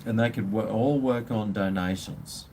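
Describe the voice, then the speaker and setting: A man's voice: on the low side, normal speed, a little mellow, a little hiss or hum. An Australian man hosting a casual live stream, rambling and blunt, swearing freely while drinking beer.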